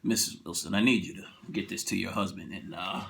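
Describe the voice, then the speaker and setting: A man voicing an airline crew member giving quiet, confidential instructions in a hushed voice, in a retold story. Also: low voice, brisk, gravelly, voice pushed down, full character voice. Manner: hushed, confidential, half-whispered.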